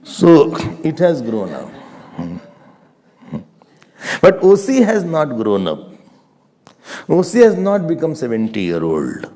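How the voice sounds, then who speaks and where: A man teaching a scripture class, his voice mellow and warm. He talks with a lively, rising-and-falling pitch and patiently repeats key points for emphasis. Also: a little slow. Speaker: Vedanta teacher.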